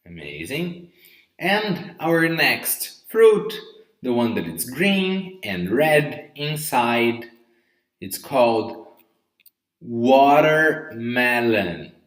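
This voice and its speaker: Slow, patient male English teacher. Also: medium pitch, big pitch swings, fairly bright tone, roomy sound. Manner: slow, patient, often checks with "okay?". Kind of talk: live online vocabulary lesson. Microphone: live stream mic.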